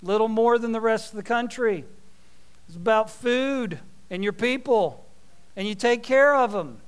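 High-voiced animated preacher, clear tone. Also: male voice, measured pace. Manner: animated storytelling with folksy asides. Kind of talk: sermon.

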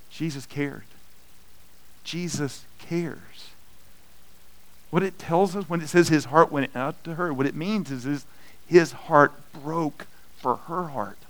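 A man preaching a sermon, with slow, dynamic delivery that swells loud and then drops soft. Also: a little high, low-quality recording. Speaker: pastor.

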